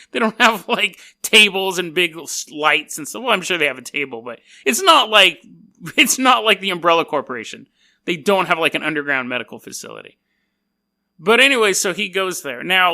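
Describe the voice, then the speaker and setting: A man's voice: high-pitched, gravelly, pushed and bright. A man hosting a podcast, telling a story casually with rambling, self-deprecating jokey asides. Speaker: podcast host.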